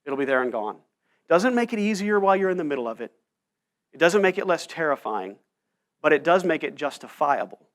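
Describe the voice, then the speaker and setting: Sing-song and a little fast, this pastor's voice is on the high side. A man around forty, he delivers a sermon in church, telling stories and checking in with the room with frequent "right?" asides.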